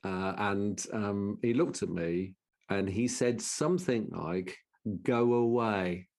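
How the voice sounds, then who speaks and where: An older man with a Birmingham and Black Country accent, a guest telling stories in a casual interview in an animated way, repeating his words. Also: takes it slowly, vocal fry. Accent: Birmingham and Black Country English. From English Midlands. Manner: animated, repeats words, jumps up in pitch for quoted voices. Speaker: guest, professional speaker.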